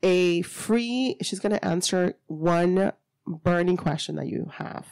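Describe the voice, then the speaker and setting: A woman's voice: lowish voice, slow, creaky, a little mellow, no room sound. A woman from Miami co-hosting a podcast, chatting loosely and laughing often. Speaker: podcast co-host. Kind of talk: casual chat.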